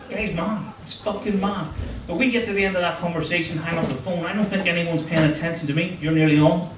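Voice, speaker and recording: Northern Irish comedian in a roomy club. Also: male voice, high voice. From Northern Ireland. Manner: crude, crowd-teasing banter. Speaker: stand-up comedian. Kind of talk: live stand-up comedy. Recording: roomy live venue, mic at a distance, crowd laughter. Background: audience laughing.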